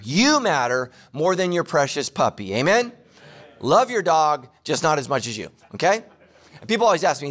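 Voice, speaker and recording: A man with a high voice delivers a sermon. He is casual and jokey with his listeners, and he repeats the main points slowly for weight. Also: a bit bright. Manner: casual joking preacher, repeats key lines slowly. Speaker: pastor.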